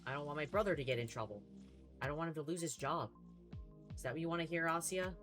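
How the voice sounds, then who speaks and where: A streamer reading the lines of a blunt, defensive young woman from a story game. She comes across snappy and flustered, in a mid-pitched voice. Music plays steadily in the background. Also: fast talker, a bit bright, natural voice. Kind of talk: reading game dialogue aloud.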